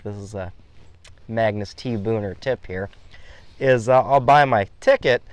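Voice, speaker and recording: A man's voice: mid-range voice, no room sound. A man in his thirties hosting a casual chat, rambling and handing out travel tips. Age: 30s. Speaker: host.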